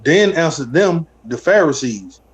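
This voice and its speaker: A man reading scripture aloud at a steady, measured pace during a Bible study. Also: on the high side, slightly rough. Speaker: scripture reader. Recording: dull lo-fi audio.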